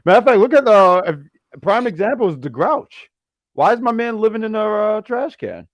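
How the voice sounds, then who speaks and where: Lively joking man, dry sound. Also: high voice, normal speed, no room sound. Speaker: wrestling show co-host. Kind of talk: casual chat.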